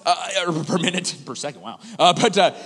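A man preaching a sermon to a congregation, telling a personal story in an animated, conversational way and asking the listeners questions. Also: high voice, a little fast, breathy edge. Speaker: pastor. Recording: hall reverb.

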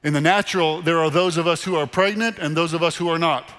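A middle-aged man preaching a sermon to a church congregation in a conversational, animated way, repeating phrases for emphasis. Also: a little high, quick pace. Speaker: pastor. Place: church sanctuary. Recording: long reverb of a large hall. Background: congregation in the room.

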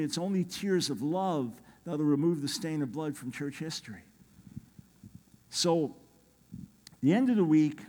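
A man preaching as a guest speaker, telling a story with animated delivery and acted-out quotes. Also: a little high, in a large hall. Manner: animated, acts out quoted voices, repeats words when excited. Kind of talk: sermon storytelling.

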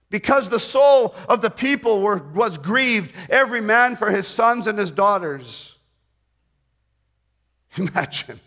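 A man's voice: high voice, unhurried. A middle-aged man preaching a sermon, reading scripture and retelling it expressively, joking with his listeners. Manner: expressive, rising and falling in volume, jokes with the audience.

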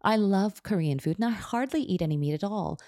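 A woman's voice: mid-range voice, lively intonation, brisk, warm tone, no room sound, studio quality, voice pushed up, close to an everyday voice. A woman voicing an eager, chatty male hairstylist with a British accent, asking effusive questions.

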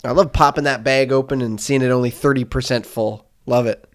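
A man's voice: medium pitch, fairly even intonation, a little fast. A man co-hosting a comedy sports podcast, joking in casual, mock-aggressive banter. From Canada. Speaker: podcast co-host.

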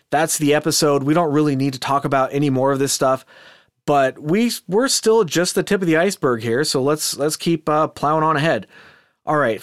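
A man with a fairly high voice hosts a casual commentary podcast, sounding chatty and skeptical as he talks with asides and restarts. The recording is dry and has a clean studio sound.

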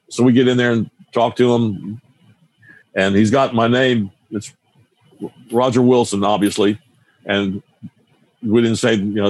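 A man's voice: lowish voice, a little mellow, dry recording. Rambling older man telling stories. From New Jersey. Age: 70s. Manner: rambling, loose, with many restarts and asides. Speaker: musician guest. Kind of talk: casual storytelling.

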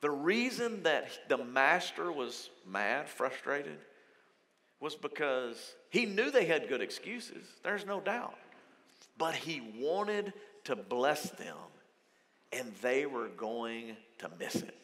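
Guy preaching a sermon, high bright voice that jumps all over, lots of chatty acted-out lines, big echoey church hall. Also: takes it slowly. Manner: lively, conversational preaching with frequent acted quotes. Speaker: pastor. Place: church auditorium. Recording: long hall reverb.

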